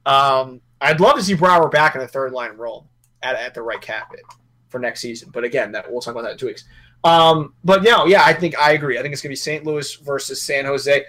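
A man's voice: medium pitch, brisk, a bit bright. A man co-hosting a hockey podcast in casual, rambling chat, joking and correcting himself as he goes.

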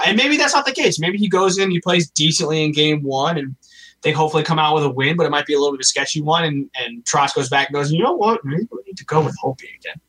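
A man co-hosts a casual sports podcast in a bright, slightly raised voice with a husky edge. He talks loosely, hesitating and restarting as he weighs his opinions. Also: fairly high pitch, rough recording. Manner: hesitant, many fillers and restarts. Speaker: podcast co-host.

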